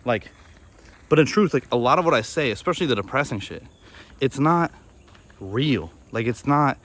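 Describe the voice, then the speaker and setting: A young man talking candidly in a personal vlog, in a flat, halting way with many restarts as he reflects on himself. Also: medium pitch. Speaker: video creator.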